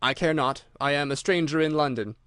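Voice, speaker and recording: A man's voice: fairly high pitch, a little fast, fairly bright tone, clean tone, dry recording, studio quality, natural voice. A man voicing a starved, indignant Greek prisoner who answers in curt, defiant phrases.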